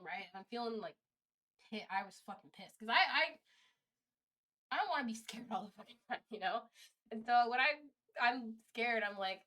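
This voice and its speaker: A woman streamer talking through her feelings in a halting, candid monologue, often restarting and swearing freely. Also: a little high, a bit bright.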